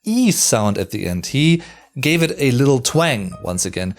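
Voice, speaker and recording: German guy with an accent explaining grammar stuff, slows down on the german words, faint music behind. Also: medium pitch, big pitch swings. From Sauerland, Germany. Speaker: host. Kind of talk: language analysis commentary.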